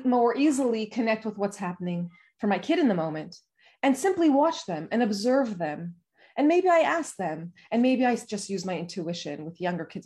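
A woman with a medium-pitched voice speaks gently and soothingly to parents. Her guidance is calm and reflective, with short pauses as she settles her thoughts. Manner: gentle, soothing, pausing to feel her emotions. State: emotional.

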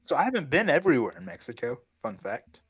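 Male co-host, loose rambling delivery, frequent laughs, average pitch. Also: wildly swooping pitch, fast, slightly rough. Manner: rambling, hedging, laughs often. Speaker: podcast co-host. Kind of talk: casual podcast chat.

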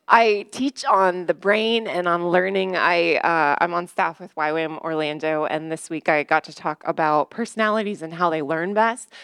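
A woman's voice: on the low side, no echo. A woman speaking at a church gathering in a chatty, self-deprecating way, telling jokes and laughing often. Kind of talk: casual sermon with jokes.

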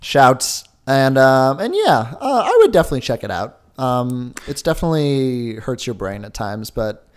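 Young dude cohosting a film podcast, rambly, jokey, says um and like a lot. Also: male voice, mid-range voice, big pitch swings, moderate pace, hardly any pauses. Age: young adult. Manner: rambling, jokey, lots of filler words. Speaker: podcast co-host. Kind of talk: casual chat.

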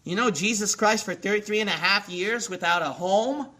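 High, bright-voiced impassioned male preacher. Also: normal speed. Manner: impassioned, swings between hushed lines and sudden shouts; repeats phrases for emphasis, asks rhetorical questions. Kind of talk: sermon.

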